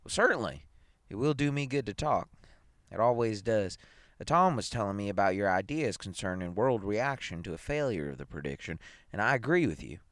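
A man reading aloud, voicing an eager, chatty middle-aged male psychologist in a brisk, chirpy way. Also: lowish voice, very animated, a bit bright, no echo, studio quality.

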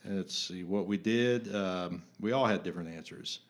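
A man with a very low, deep voice, co-hosting a podcast in casual chat. He reads out a quiz with playful, chuckling asides and the odd deadpan line. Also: moderate pace. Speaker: podcast co-host.

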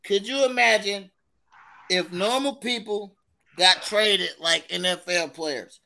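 A podcast co-host with a very bright, gravelly voice pitched high. He talks brashly and throws out joking hypotheticals, laughing often in casual chat. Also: slow.

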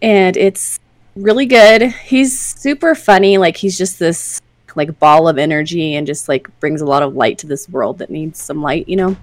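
A woman co-hosting a podcast, talking in a loose, rambling way full of "like" and "you know." Her voice sits on the low side. The recording is dry and close. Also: normal speed, dry recording. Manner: chatty, rambling, with filler words and giggles. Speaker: podcast co-host. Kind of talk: casual chat.

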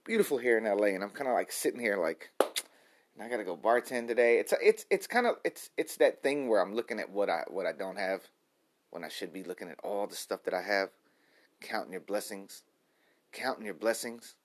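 A man in his late thirties talking to camera in a rambling, self-reflective daily vlog, repeating himself as he thinks out loud. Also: fairly low pitch, animated, fairly quick. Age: 30s. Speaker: vlogger. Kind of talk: stream-of-consciousness daily vlog.

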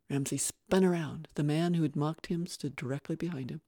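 An audiobook narrator reading a thriller in a measured, steady storytelling voice. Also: medium pitch, no echo, clean studio sound.

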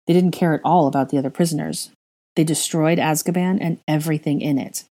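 A woman voicing a grief-stricken young husband who speaks in a flat, halting monotone. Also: sits low. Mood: numb.

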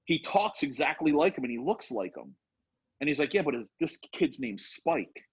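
Middle-aged male storyteller, husky, rambling and animated, muffled lo-fi audio. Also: on the high side, normal speed. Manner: rambling, animated, acts out quotes. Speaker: storyteller guest. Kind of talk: casual storytelling. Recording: dull lo-fi sound.

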